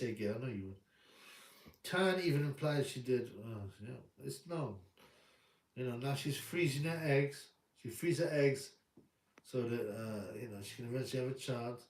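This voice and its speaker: A man's voice: medium pitch, darkish tone. A man hosting a boxing livestream, ranting bluntly and casually while reading chat, often repeating himself. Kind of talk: casual live-stream rant. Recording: roomy room, distant mic.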